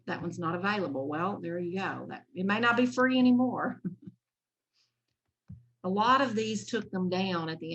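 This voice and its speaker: A woman's voice: on the low side, fairly bright tone, rough recording. A woman giving an online presentation to teachers, chatty and enthusiastic, with asides about her slides.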